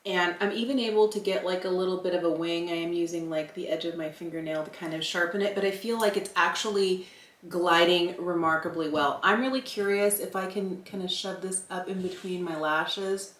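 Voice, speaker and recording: A woman's voice: fairly low pitch, steady tone, fairly quick, a bit bright. Chatty woman in her fifties, roomy sound. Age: 50s. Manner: candid, thinking aloud, chatty. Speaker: beauty vlogger. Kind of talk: casual product review while applying makeup. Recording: roomy echo.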